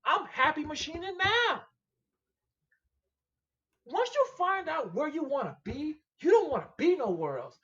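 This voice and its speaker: A man's voice: very high voice, a little slow, pauses often, muffled recording. A man guest on a casual podcast interview, talking emphatically and repeating his points like a sermon. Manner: emphatic, animated and repetitive, preaching-like. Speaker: podcast guest, machine shop owner.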